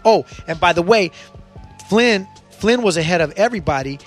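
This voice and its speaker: A man hosting a podcast, telling a road story in a casual, animated way and swearing freely. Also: high-pitched, normal speed, soft background music. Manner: animated, acts out voices in his stories, swears freely. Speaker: podcast host.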